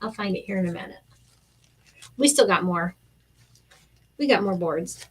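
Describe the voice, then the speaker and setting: A woman's voice: mid-range voice, normal speed, slight background noise. A middle-aged woman, chatting casually and acting out quotes while crafting on a live stream. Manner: animated storyteller, acts out quotes.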